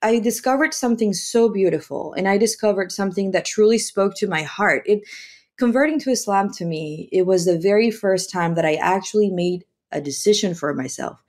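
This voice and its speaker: A woman from Mexico, a makeup artist guest, telling her story in a lively, conversational way, acting out dialogue and often laughing. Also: mid-range voice, brisk. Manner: animated, acts out quoted dialogue, laughs often.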